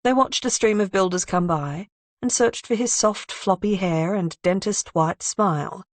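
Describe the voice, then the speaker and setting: A woman's voice: medium pitch, measured pace, no room sound. Woman audiobook narrator, dry close sound. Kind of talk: scripted narration.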